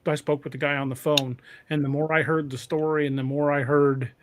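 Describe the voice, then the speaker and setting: A man hosting a casual podcast conversation, halting and often restarting his sentences. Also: a little high, flat delivery, background noise. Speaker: podcast host.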